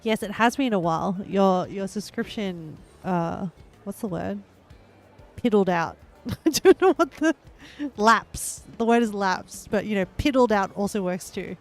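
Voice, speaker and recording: A woman's voice: medium pitch, lively intonation, measured pace, faint music behind. Giggly woman streamer chatting. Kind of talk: casual let's-play commentary.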